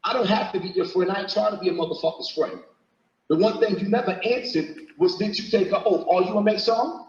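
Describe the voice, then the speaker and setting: A man's voice: high voice, a little fast, roomy sound, muffled recording. A man arguing heatedly on a panel, confrontational and profane. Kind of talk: heated argument on a live panel.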